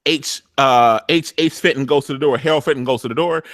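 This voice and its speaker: A man hosting a live TV recap show, talking fast and acting out scenes in funny voices. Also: fairly high pitch, no room sound. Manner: animated, acts out scenes in voices.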